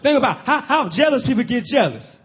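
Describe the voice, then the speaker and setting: A man's voice: very high voice, big pitch swings, fairly quick, husky, a faint crowd. A man preaching a sermon, telling the story and stretching out key phrases, often asking the congregation questions. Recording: dull lo-fi audio.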